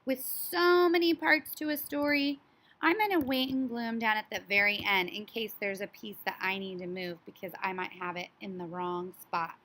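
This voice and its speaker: A woman teaches young children a story sequencing lesson, speaking in an animated, child-directed way and sometimes imitating animal sounds. Her voice is mid-range at a normal speed.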